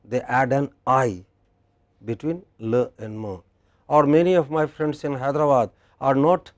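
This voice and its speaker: A man's voice: medium pitch, unhurried. A man with an Indian English accent giving a classroom lecture on pronunciation, patiently asking his students questions and modelling words for them. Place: university classroom.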